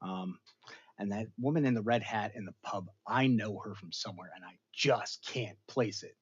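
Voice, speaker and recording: A man hosting a casual pop culture show, retelling a TV episode in an animated, rambling way with big jumps in pitch and loudness. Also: moderate pace, breathy edge, muffled recording. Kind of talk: casual episode recap livestream.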